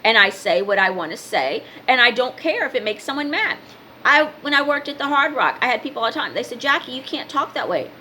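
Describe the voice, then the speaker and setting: A woman's voice: fairly high pitch, expressive, a little fast, pushed and bright, slight background noise. A woman in her fifties giving a blunt, emphatic motivational talk in a casual vlog. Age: 50s. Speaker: spiritual vlogger and card reader.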